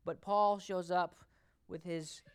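A preacher addressing a congregation in a sermon, voice sitting in a middle pitch. The delivery is emphatic, full of rhetorical questions, dropping to near-hushed lines and rising again. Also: fairly even intonation, slow pace, smooth. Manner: emphatic, rhetorical questions, swings between loud and quiet. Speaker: pastor.

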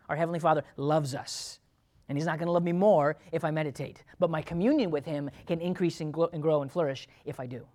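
An emphatic pastor in the middle of a sermon, stacking phrase upon phrase as the voice climbs. Pitch sits in an ordinary middle range, and the delivery drops to quiet, intimate asides before rising again. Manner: emphatic, builds repeated phrases, swings between loud and soft.

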